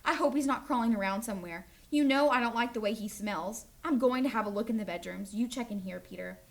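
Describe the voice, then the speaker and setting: A woman's voice: fairly high pitch, quick pace, vocal fry. A woman voicing a busy, exasperated mother who frets and scolds, read from a children's storybook. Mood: fretful. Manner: fretful, scolding.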